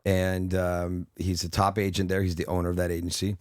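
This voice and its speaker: A man's voice: sits low, little pitch movement, brisk, a little mellow, dry recording, clean studio sound. A man who is a comedian, telling rambling anecdotes in a casual interview while he is losing his voice. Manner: rambling anecdotes full of fillers and restarts. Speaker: comedian guest.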